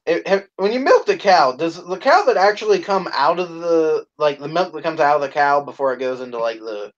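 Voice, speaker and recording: Animated and a little fast, a man with a slightly high voice chats on a live stream, cursing liberally and laughing a lot. He loudly performs any lines he quotes, and the recording sounds dull and lo-fi.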